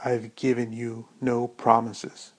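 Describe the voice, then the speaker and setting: A man's voice: mid-range voice, monotone, slow pace. A man reading a tender young woman.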